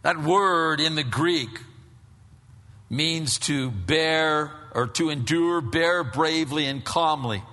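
A man's voice: fairly high pitch, slow, pushed and bright, soft background music. A man preaching a sermon, telling a story and pressing his points with emphatic rises. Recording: long hall reverb.

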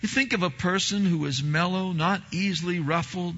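Gravelly, husky male pastor preaching. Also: high-pitched, normal speed, lo-fi sound. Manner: animated storytelling, acts out dialogue, repeats words. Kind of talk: sermon.

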